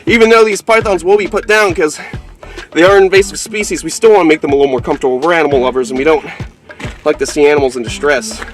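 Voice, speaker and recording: A young man vlogging outdoors by a levee road in a wetland, narrating excitedly to his handheld camera. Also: a little high, fast talker, soft background music. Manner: excitable, exclaiming. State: out of breath. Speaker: wildlife vlogger.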